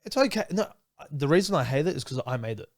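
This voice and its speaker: A man co-hosting a casual podcast chat, joking and excitable. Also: on the high side, fast, no echo, clean studio sound. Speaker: podcast co-host.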